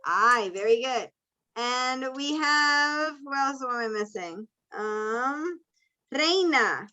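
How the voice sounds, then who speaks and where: Taking her time, a high-voiced, expressive teacher with a sharp tone leads an online ESL lesson. She invites students to speak and explains things in English and Spanish with patience and encouragement, though the call audio is dull and lo-fi.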